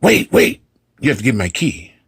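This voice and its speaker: A man's voice: deep voice, normal speed, husky, no echo, clean studio sound. A man voicing an entitled blonde woman hotel guest who insistently demands her key. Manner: insistent, pleading.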